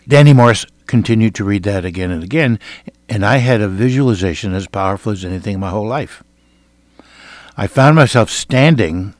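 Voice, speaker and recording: An older man from Iowa preaching a sermon, telling a personal testimony with earnest, dramatic swings between loud and hushed delivery. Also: fairly low pitch, dry recording. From Iowa, United States.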